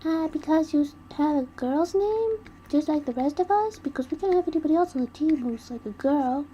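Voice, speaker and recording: A woman voicing a bubbly, clingy young male swimmer who talks in a high, excited, pleading way. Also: a little fast, dull audio, a little hiss or hum. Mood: giddy, pushy.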